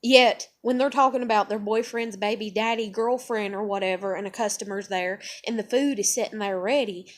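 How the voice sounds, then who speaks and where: A young woman venting angrily in a vlog. She swears constantly and swings between loud outbursts and low muttering. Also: fairly even intonation, moderate pace, hardly any pauses. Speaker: vlogger. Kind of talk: angry venting monologue.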